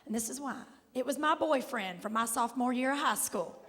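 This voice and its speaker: Sassy southern lady comic, raspy and high, live in a big echoey hall. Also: expressive, a little fast. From Kentucky. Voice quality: raspy, hoarse-sounding voice all the time. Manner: sassy, drawling, loud bursts to the crowd. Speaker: stand-up comedian. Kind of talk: stand-up comedy set. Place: large theater stage. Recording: live stage with hall echo, faint noise.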